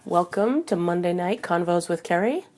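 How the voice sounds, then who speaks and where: A woman's voice: on the low side, animated, moderate pace, darkish tone. A woman hosting a live video chat from home, her voice still recovering from a head cold, chatty and laughing often as she greets viewers by name. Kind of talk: casual live-stream chat. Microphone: desk microphone.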